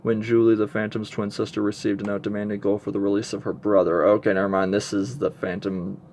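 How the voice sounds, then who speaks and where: Low-ish guy rambling thru a comic review, lots of ums and restarts. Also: level tone, quick pace, darkish tone, a little hiss or hum. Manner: rambling, hesitant, many fillers and restarts. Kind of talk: casual review, reading aloud from a comic.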